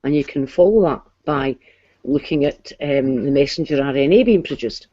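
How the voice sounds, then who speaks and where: A woman's voice: rumbling low, expressive, moderate pace, dark tone, no echo, dull audio. A woman in an online chat, explaining things patiently and step by step. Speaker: guest explaining science.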